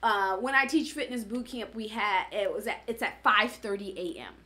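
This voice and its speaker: A woman's voice: medium pitch, normal speed, pushed and bright. A woman who works as a fitness coach, giving a conversational motivational talk and often checking in with "right?". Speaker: fitness coach and former studio owner.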